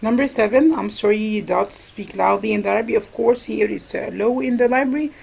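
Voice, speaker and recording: A woman's voice: medium pitch, brisk, gravelly, few pauses, a little mellow, slightly rough, rough recording. A woman whose first language is Arabic, teaching an English grammar review lesson and answering her own questions. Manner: asks questions and answers them herself, repeats key words.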